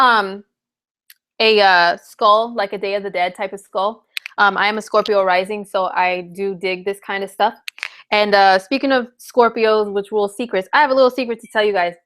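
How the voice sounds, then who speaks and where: A woman's voice: mid-range voice, moderate pace, a bit bright. A woman astrologer giving a casual live-streamed forecast, chatty and candid with many fillers.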